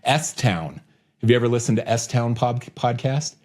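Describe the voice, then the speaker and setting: Jokey male podcast host, mid-pitched. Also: unhurried. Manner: jokey and energetic, speeding up when excited. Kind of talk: casual podcast chat.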